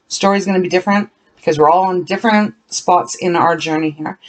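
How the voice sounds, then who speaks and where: Speaking alone to viewers in a mid-range voice, a tarot reader works through a card reading with heartfelt emotion. Hurtful words are drawn out slowly, and sentences often get repeated or corrected partway through.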